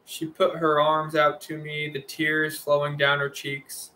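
A man reads a first-person novel aloud in a bright, fairly high voice. His delivery stays level and measured, with little rise and fall in pitch. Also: monotone. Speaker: audiobook reader.

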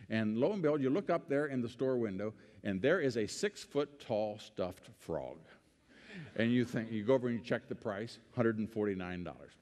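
A middle-aged man addresses a live audience with folksy anecdotes, slowing down to pause for effect. He builds to fervent, emphatic peaks. His voice carries with a long reverb through a large hall. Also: medium pitch, lively intonation, a little mellow. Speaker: political speaker. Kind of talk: public speech to an audience.

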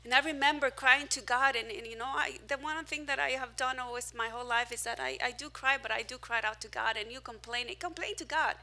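Lively high-voiced woman preaching. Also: a little fast, hardly any pauses. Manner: animated, self-mocking, with sudden loud and soft swings. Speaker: pastor. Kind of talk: sermon. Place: church hall, preaching to a small crowd.

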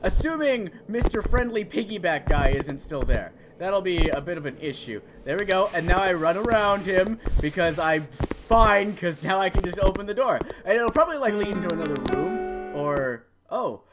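A let's play gamer commenting on a horror game, excitable and playful, shouting at scares and chatting to the figures on screen and to viewers. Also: medium pitch, moderate pace, few pauses, over loud music.

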